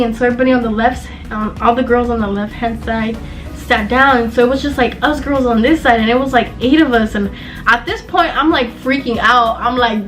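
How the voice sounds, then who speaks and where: A woman's voice: fairly high pitch, moderate pace, faint music behind, rough recording. Chatty young woman telling a story. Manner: chatty, animated retelling full of fillers. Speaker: vlogger. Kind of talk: casual storytelling.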